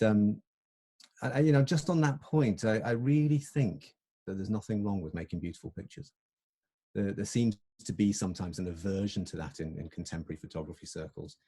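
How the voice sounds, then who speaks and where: A man's voice: lowish voice, dark tone, slightly rough. A middle-aged man giving a presentation talk as a photographer, speaking reflectively and often restarting his sentences.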